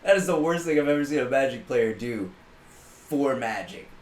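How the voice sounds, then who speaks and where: A man co-hosting a podcast, telling a story in a loud, profane, animated way and laughing often. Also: mid-range voice, moderate pace, reverberant. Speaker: podcast co-host. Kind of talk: casual storytelling chat.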